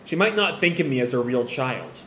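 A man's voice: medium pitch, lively intonation, a little fast, a bit bright, natural voice. A man voicing a flustered, polite young man who sputters formal apologies, reading a manga aloud. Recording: echoey room, faint hiss.

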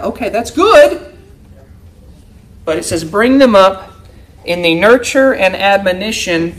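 A man's voice: high-pitched, fairly bright tone. A man teaching a church Bible class, reading verses aloud and putting questions to his listeners. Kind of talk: interactive Bible lesson.

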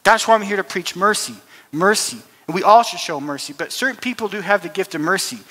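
A man preaching in a church, his bright, forceful voice set a little high. He talks earnestly, restarting and repeating phrases as he tells a story. The sound rings with a long hall reverb. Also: expressive, a little fast. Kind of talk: sermon with personal story.

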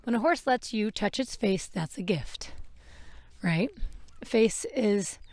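A woman's voice: medium pitch, expressive, takes it slowly, darkish tone. A woman hosting a casual talk while grooming her horse, chatty and rambling, correcting herself and laughing at her slips. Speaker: podcast host and horse trainer. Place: outdoors with a horse. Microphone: wearable microphone.

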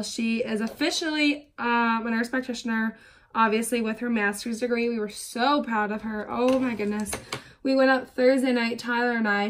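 Speaking casually to camera at home, a beauty vlogger with a slightly high voice tells chatty stories as she goes through her makeup routine. She rambles, leans heavily on "like," and vents with obvious exasperation.

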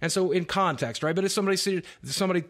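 Over a group voice call, heard through a call-in mic, a male podcast guest chats casually. His voice sits high and fairly bright, he races along, and he talks bluntly while rambling through profane stories.

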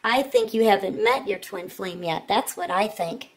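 A woman's voice: medium pitch, normal speed. A woman giving a casual tarot reading, talking straight to the viewer in an earnest, repetitive way. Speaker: tarot reader.

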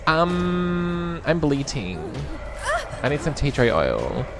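A young man playing a video game and commenting as he goes, camp and sassy, swearing freely and breaking into shrieks and laughter. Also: on the high side. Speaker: gaming streamer. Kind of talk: live gameplay commentary.

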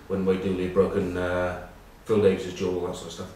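A man's voice: low voice, little pitch movement, fairly quick, darkish tone. A man in his forties, a former rugby captain, telling rambling anecdotes with dry, self-mocking humour and plenty of ums and uhs. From England. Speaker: former rugby captain presenting a web news piece. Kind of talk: casual anecdotal monologue. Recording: very echoey room, mic far off, faint background noise.

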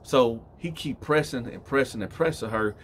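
Brief: male storyteller, casual, animated, talks to the audience. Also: medium pitch, normal speed, a little hiss or hum. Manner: animated, addresses listeners directly.

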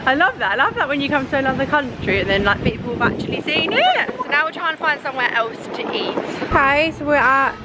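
A woman's voice: sits high, sing-song, quick pace, very noisy. A young woman in her twenties, chatting casually into a handheld camera for her vlog, full of fillers and casual swearing. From England. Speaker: vlogger.

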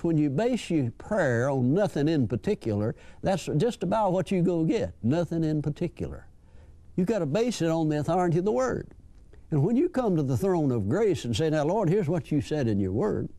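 A man's voice: on the high side, very animated, moderate pace, warm tone. An older man preaching a folksy sermon, chuckling and acting out the people he quotes.

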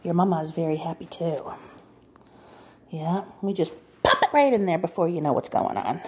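Speaking at a normal speed in a lowish, slightly rough voice, a woman cat sitter talks baby talk to a cat, sometimes lowering to a whisper. She's in a client's home, filming on a phone pointed at the floor.

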